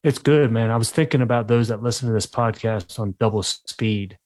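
A man's voice: medium pitch, a little fast, darkish tone. A man hosting a podcast and interviewing a guest in a chatty, upbeat way. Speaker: podcast host and author. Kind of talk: casual podcast conversation.

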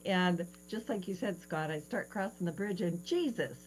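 A woman in her sixties hosts a radio interview, her voice low. She tells stories with animated quoted voices. A faint hiss sits under the recording. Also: moderate pace, poor audio. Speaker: radio show host. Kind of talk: casual interview chat.

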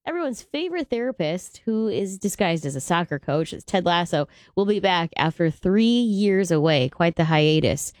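A woman's voice: fairly low pitch, dry recording, clean studio sound. A woman hosting a radio morning show, delivering chatty entertainment news with enthusiasm.

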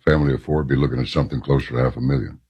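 Deep, husky male talk radio host. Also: fairly even intonation, very fast, a little mellow. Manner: wry, conversational, with asides. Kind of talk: talk radio commentary, reading an article aloud.

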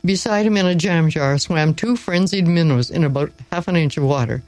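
A woman's voice: low voice, fairly quick, a little mellow, dry recording, rough recording. Woman reading a wry story aloud, dry.

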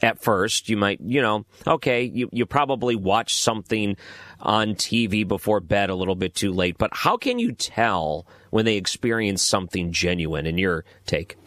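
A man hosting a late-night radio talk show, asking questions in a measured, conversational way. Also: fairly low pitch, lively intonation, a bit bright, no room sound, clean studio sound.

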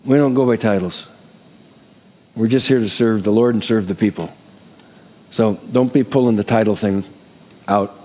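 A man's voice: on the low side, moderate pace, pauses often, dark tone. A middle-aged man preaching a sermon as pastor, with rising emphasis, asides and call-and-response amens. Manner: jokes and acts out quoted voices. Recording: long hall reverb.

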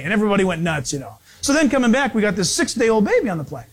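A man with a notably high voice preaches in a relaxed, conversational way. He leans on everyday stories and acts out the people in them with animation. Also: quick pace, hardly any pauses. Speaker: pastor. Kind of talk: conversational sermon with storytelling.

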